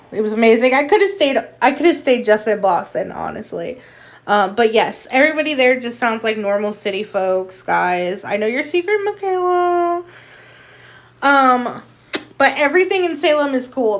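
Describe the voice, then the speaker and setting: A woman narrating a casual travel vlog in a chatty, upbeat way with playful asides. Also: medium pitch. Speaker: vlogger.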